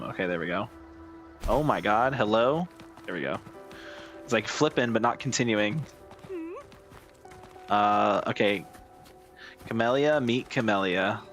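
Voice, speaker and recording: A man streaming a game live, chatting casually and excitably with his viewers and swearing freely. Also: on the low side. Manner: profane, excitable, talks to chat.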